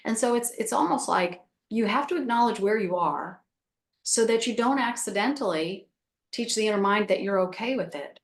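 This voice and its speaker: A woman's voice: mid-range voice, lively intonation, moderate pace. A woman guest on a call giving a casual spiritual teaching, repeating her phrases and acting out little self-talk examples. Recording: roomy echo.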